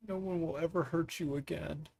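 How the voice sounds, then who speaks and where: A man voicing a grieving, clingy innkeeper woman who speaks softly and pleadingly, with some gravel in the voice. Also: medium pitch, normal speed, crowd noise, lightly acted. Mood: doting. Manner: soft, doting, pleading.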